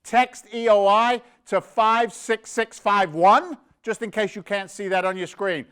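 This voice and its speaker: An energetic man emceeing a virtual charity gala, joking and rambling as he urges viewers to give. His voice sits fairly high for a man and comes across smooth and clear. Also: measured pace. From London. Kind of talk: fundraising hosting. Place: virtual event, live stream.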